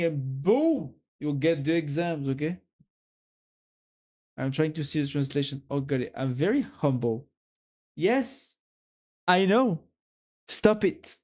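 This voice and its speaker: A streamer with a French accent gives a viewer a playful, teasing pep talk in casual live-stream chat. The delivery is slow and unhurried. The tone is mellow and dark, and the speaker jokes throughout. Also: mid-range voice.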